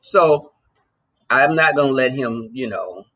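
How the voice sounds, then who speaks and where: A man's voice: medium pitch, animated, slow, fairly bright tone, dull audio. A man hosting a livestream, chatting loosely and jokingly with his viewers. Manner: loose and joking, talks straight to the chat. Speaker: livestream host. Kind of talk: casual chat with live viewers.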